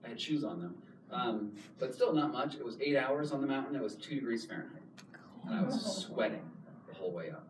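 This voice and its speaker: A man in his thirties telling a story in an animated talk, repeating words and laughing often as he goes. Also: mid-range voice, a little fast. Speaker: author giving a talk. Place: public hall. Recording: echoey hall, distant mic, noise.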